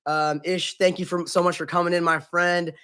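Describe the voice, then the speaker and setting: A man's voice: sits high, little pitch movement, moderate pace, pushed and bright, a little hiss or hum. A man hosting a casual gaming live stream, chatting in an upbeat, chummy way, greeting viewers by name and swearing casually.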